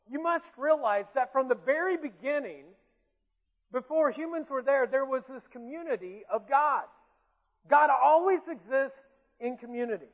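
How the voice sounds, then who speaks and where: A Southern preacher with an unusually high voice for a man, talking plainly and conversationally to his congregation and tossing questions out to them. The sound is thin and tinny, like a phone line, and a long reverb trails off every phrase in the big room. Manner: conversational preaching, asks the congregation questions, light self-mocking asides. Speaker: pastor. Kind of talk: sermon. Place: church sanctuary.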